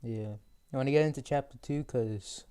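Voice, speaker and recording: A man's voice: mid-range voice, normal speed, dark tone, clear, resonant tone. A man co-hosting a casual podcast, asking questions and rambling with jokes. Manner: rambling, jokey, leads the questions. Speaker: podcast co-host. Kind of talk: casual chat.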